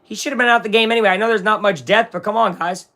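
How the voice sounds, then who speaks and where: A man hosting a casual live watch-along of a football game, excitable and swinging between hype and grumbling. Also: high-pitched, racing. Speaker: live-stream sports watch-along host.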